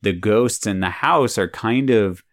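A woman's voice: very deep voice, unhurried. A woman interviewing a child in a casual chat, patiently restating the answers to check she has understood.

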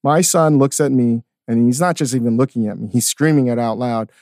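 A middle-aged man hosting a podcast, chatting casually and telling stories with animated, mock-outraged emphasis. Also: mid-range voice, fairly quick, no room sound, studio quality. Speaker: podcast host. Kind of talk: casual chat.

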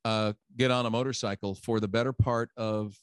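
A man's voice: lowish voice, normal speed, clear, resonant tone, dry recording. A middle-aged man, telling a story in casual chat and acting out the voices of people he quotes. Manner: animated, acts out quotes with laughs. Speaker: guest.

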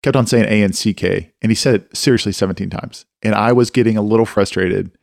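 A man's voice: on the low side, steady tone, fast, gravelly, darkish tone, dry recording, clean studio sound. A man co-hosting a mentoring talk, candid and self-deprecating, telling stories about his own kids. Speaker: co-host and father. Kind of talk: casual faith-based discussion.

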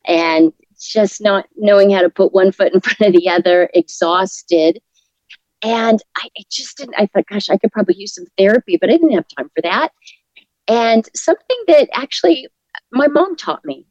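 A middle-aged woman speaking as an interview guest, earnest and encouraging, with soft laughs as she talks. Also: on the low side, dry recording, muffled recording. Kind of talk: casual interview talk.

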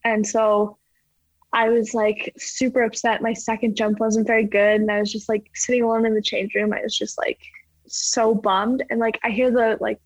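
A woman talking casually as an interview guest, full of fillers like "like" and acting out her own quotes in a higher voice. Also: little pitch movement, normal speed, dry recording, rough recording. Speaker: guest athlete.

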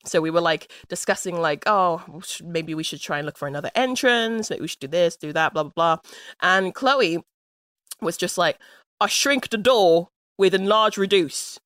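A woman's voice: on the low side, moderate pace, fairly bright tone, dry recording, studio quality. A woman from London co-hosting a podcast, telling a game story in a playful, giggly way. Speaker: podcast co-host. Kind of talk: casual chat, storytelling.

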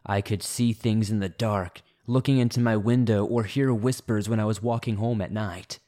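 A man reading listener-submitted horror stories aloud as a steady, low-key scripted narration. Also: moderate pace.

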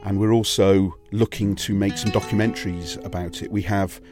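Low-voiced Welshman telling a rambling story. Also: steady tone, moderate pace, music in the background. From Wales. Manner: rambling anecdotal storytelling, frequent restarts. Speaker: DJ and record label owner, interview guest. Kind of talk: casual interview chat.

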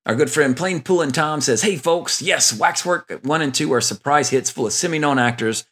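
A man's voice: on the high side, normal speed, fairly bright tone, breathy edge. Rambling male podcast host. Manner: rambling, many fillers and restarts. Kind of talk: casual movie podcast chat.

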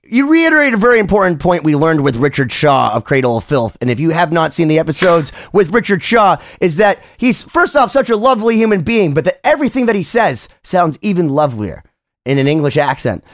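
A man hosting a podcast, talking in an animated, rambling way with casual swearing. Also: on the high side, brisk. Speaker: podcast host.

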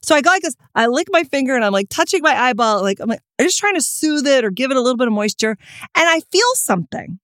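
A woman co-hosting a casual podcast, her voice set a little high and swinging widely as she tells a story. She talks animatedly and swears freely. The recording is dry and close. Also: fast talker, no echo. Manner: animated, swearing, big pitch jumps when excited. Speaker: podcast co-host.

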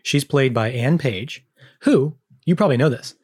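A woman co-hosting a podcast, casually chatting and recapping a TV episode with jokey asides and quick laughs. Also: extremely low pitch, animated, a little mellow, husky. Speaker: podcast co-host.

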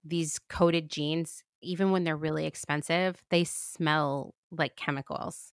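A woman's voice: low voice, steady tone, takes it slowly, no room sound, studio quality. A woman hosting a casual podcast, reacting to her guest and easily agreeing with her. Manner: reacting and agreeing with the guest, easy back-and-forth. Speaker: podcast host.

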